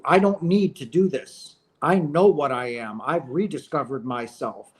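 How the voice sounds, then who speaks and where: A man's voice: mid-range voice, unhurried, few pauses. A man hosting his own channel, speaking in an emotional, impassioned monologue to his viewers, repeating phrases as he rants. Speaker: channel host.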